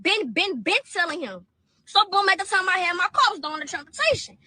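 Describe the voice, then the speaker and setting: A woman's voice: very high-pitched, lively intonation, a little fast, pushed and bright, no room sound. A woman from the venting in an upset, repetitive rant in a social media clip. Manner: upset, repeats herself, rants. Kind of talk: emotional venting to camera.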